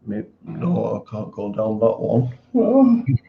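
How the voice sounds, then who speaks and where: A man co-hosting a livestream, chatting casually with a slow, wry sense of humour. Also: on the low side, very animated, creaky, narrow, tinny audio. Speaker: livestream co-host. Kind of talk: casual chat.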